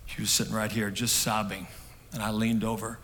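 A middle-aged man preaching a sermon, telling a story that swings from hushed and soft to loud. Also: fairly low pitch, little pitch movement, a little fast. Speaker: pastor. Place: church hall. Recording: long hall reverb.

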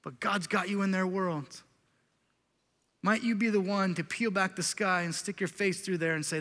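A middle-aged male pastor preaching a sermon in a church sanctuary, earnest and confessional, rising to loud emphasis and dropping to quiet intensity. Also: high-pitched, fairly even intonation, normal speed, long reverb tail.

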